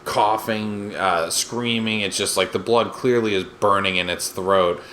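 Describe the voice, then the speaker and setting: A man's voice: on the low side, steady tone, a little slow, fairly bright tone, a little hiss or hum. A man co-hosting a podcast, recapping a TV episode in loose, rambling casual chat with lots of fillers. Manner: rambling, fillers, quotes scenes with put-on voices. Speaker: podcast co-host.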